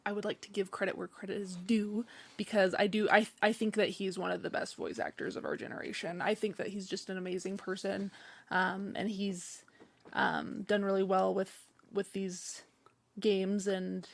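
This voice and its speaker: A woman's voice: mid-range voice, level tone, normal speed, gravelly. A woman co-hosting a casual podcast chat, rambling with lots of fillers and restarts. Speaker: podcast co-host.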